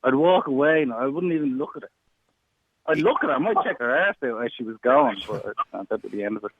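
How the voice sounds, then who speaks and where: A man's voice: mid-range voice, animated, quick pace, slightly rough, dry recording. A man with a South Dublin Irish accent calling a radio show, blunt, condescending and crude as he argues. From Ireland. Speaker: caller. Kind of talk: heated radio phone-in argument. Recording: tinny phone line.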